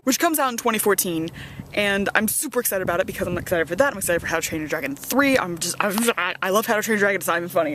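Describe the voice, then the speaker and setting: A young woman vlogging in casual chat, excitable and rambling with many fillers, outdoors on a windy hilltop. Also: on the low side. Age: young adult.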